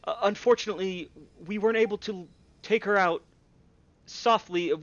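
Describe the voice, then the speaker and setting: A man's voice: high voice, normal speed, no room sound, dull audio, voice pushed up, lightly acted. A man voicing an apologetic, formal male dwarf guard in a tabletop game. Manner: stiff, official, apologetic.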